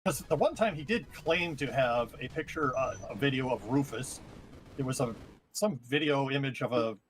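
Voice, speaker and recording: A man talking as a guest on a casual stream, recounting events in a measured way with frequent "uh" fillers. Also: medium pitch, slight background noise, low-quality recording. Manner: measured storytelling with many fillers.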